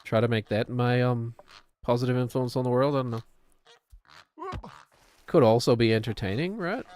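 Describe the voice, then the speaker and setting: A man's voice: mid-range voice, normal speed, a little mellow, a little hiss or hum. A man, chatting casually and rambling while he streams a game. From New Zealand. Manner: rambling, musing, self-deprecating. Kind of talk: casual gameplay chat.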